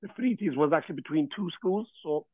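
A man's voice: fairly high pitch, lively intonation, fast, no echo. A man in his forties with a Cork Irish accent, a school principal reflecting loosely on his career as a podcast guest. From Ireland. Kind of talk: casual interview chat. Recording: tinny phone-like line.

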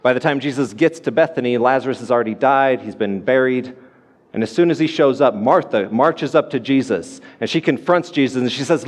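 A man's voice: mid-range voice, brisk, big-room sound. A man preaching a sermon as pastor, earnest and repeating his key points for emphasis.

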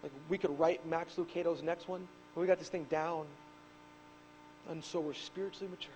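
A man in his thirties preaching a sermon as pastor, telling stories animatedly and rising to shouts on key points. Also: a little high, steady tone, normal speed, lo-fi sound, a little hiss or hum. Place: church.

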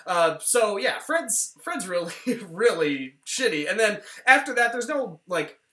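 Podcast co-host, male, bright, rambling scene-by-scene recap. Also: high-pitched, very animated, measured pace. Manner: rambling retelling of film scenes. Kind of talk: casual film discussion.

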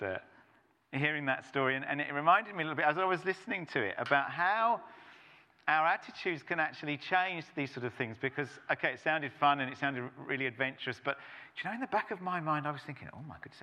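A middle-aged man, preaching a sermon as a pastor, telling stories with playful asides. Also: fairly high pitch. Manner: animated storytelling with playful asides. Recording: long reverb of a church hall.

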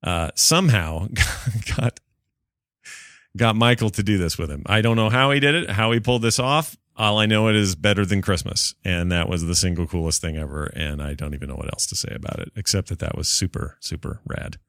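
A man hosting a podcast, chatting casually with an excitable, joking manner. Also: low voice, a little fast, no room sound, clean studio sound. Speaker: podcast host.

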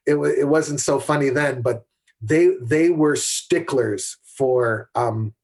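Husky middle-aged man telling set stories. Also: medium pitch, takes it slowly, darkish tone. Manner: candid anecdotal storyteller with frequent restarts. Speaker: podcast guest, camera assistant. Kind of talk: conversational storytelling.

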